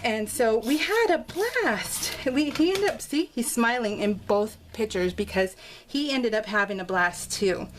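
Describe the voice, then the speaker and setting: A middle-aged woman narrates a family story over her scrapbooking process video, working in her home craft room with dogs nearby. Her high-side voice has lively intonation and a slightly slow pace; she chats, laughs, restarts frequently, and acts out quotes, with a little hiss or hum on the recording.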